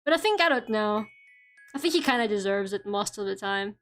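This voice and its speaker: A woman's voice: medium pitch, lively intonation, fairly quick, a bit bright, soft background music. A young woman chatting casually as a VTuber while she draws on stream, rambling playfully with lots of "like" and casual swearing.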